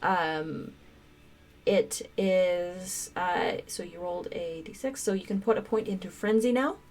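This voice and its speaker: A woman narrating as game master of a tabletop role-playing game, halting often with filler words. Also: lowish voice, darkish tone.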